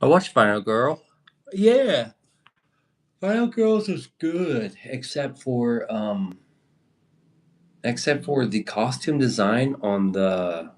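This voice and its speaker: Casual male streamer, lowish voice, rambly, reads chat and swears a bit. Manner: loose and rambling, swears, reads out and answers viewer comments. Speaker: livestream host.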